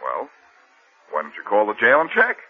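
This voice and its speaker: An actor playing a pushy, wheedling street informer in a 1940s radio drama. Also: male voice, fairly low pitch, huge pitch swings, normal speed, breathy edge, exaggerated voice. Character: smooth-talking male street informer. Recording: tinny old radio broadcast.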